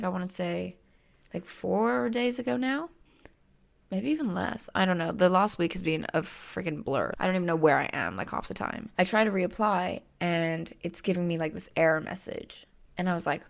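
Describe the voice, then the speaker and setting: A woman's voice: mid-range voice, a little fast, gravelly. A woman in her twenties telling a personal story as a casual vlog, chatty and full of fillers, speaking with a lisp from a missing tooth. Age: 20s. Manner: chatty, frequent "like" fillers, self-deprecating. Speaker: vlogger.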